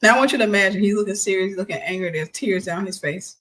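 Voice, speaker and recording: A woman host recounting a personal story with lots of animation and laughter. Her voice sits in a middle range, and she slips into quick impressions of the people she describes. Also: medium pitch, a bit bright.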